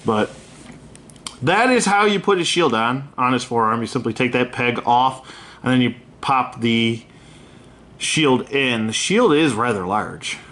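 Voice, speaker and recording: This action figure review comes from a man whose medium-pitched voice is expressive, a bit bright, and measured in pace. He gripes candidly and curses without hesitation. He rambles through restarts, self-corrections and plenty of fillers while turning the figure over.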